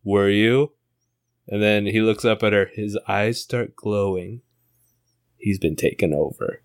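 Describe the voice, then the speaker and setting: Low, smooth-voiced man pitching a story. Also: no room sound, studio quality. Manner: rambling, laughing storyteller putting on quick voices. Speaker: improv comedy podcast co-host. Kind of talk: casual improv pitch and storytelling.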